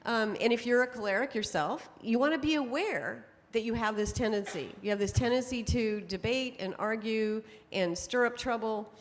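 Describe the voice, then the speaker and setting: A middle-aged woman giving a conference talk to an audience, telling stories in a lively way and laughing often. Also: on the high side, normal speed, few pauses. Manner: lively storytelling with frequent laughs. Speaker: speaker on temperament psychology. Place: conference hall. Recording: long hall reverb.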